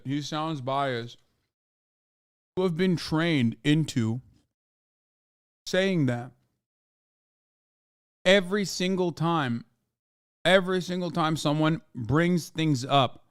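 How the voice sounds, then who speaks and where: Streamer guy ranting at chat, swears a lot, sarcastic, kinda high smooth voice. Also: a little slow. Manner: profane, sarcastic, animated rant. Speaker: streamer reacting to a video. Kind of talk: casual reaction stream.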